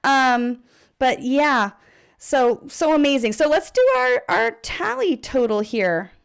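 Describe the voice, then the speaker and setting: A woman's voice: high voice, animated, takes it slowly, vocal fry, clear, resonant tone. A woman hosting a charity livestream, chatty and upbeat. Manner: chatty and upbeat, with laughs and fillers. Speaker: livestream host.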